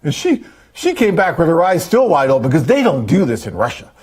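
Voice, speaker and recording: Husky-voiced chatty man. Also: fairly high pitch, big pitch swings, brisk, darkish tone. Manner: enthusiastic, rambling, chatty. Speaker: host and company head. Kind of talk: casual live webcast talk.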